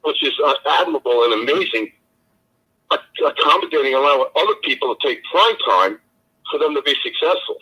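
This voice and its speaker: A man's voice: fairly high pitch, expressive, a little fast, pushed and bright, husky, dull audio. A man co-hosting a casual live chat stream, telling stories in a tough-guy mobster manner. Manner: tough-guy mob banter, storytelling.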